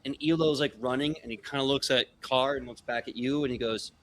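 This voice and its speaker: A man's voice: medium pitch, brisk, few pauses, soft background music. A man running a tabletop game as game master, narrating the scene. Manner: lively, animated narration.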